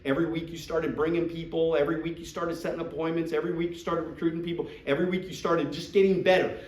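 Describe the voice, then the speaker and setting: A man's voice: fairly high pitch, fast talker, reverberant, far from the mic, rough recording. A man coaching recruits in a live talk to a group, acting out sales dialogues. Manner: animated, acts out sales dialogues. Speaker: business trainer coaching recruits.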